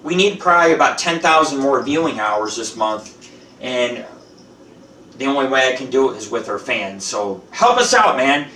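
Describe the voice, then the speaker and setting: A man's voice: mid-range voice, very animated, normal speed, sharp tone, far from the mic, a little hiss or hum. A man hosting a live home cooking show, talking in a profane, boastful, rambling way. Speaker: show host. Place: home kitchen. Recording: roomy echo, off-mic.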